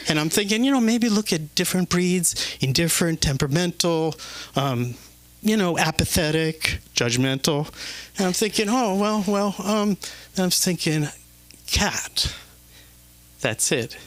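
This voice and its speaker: A man doing an open-mic stand-up set in a comedy club, talking in a halting, hesitant way with many restarts. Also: fairly high pitch, lively intonation, no room sound.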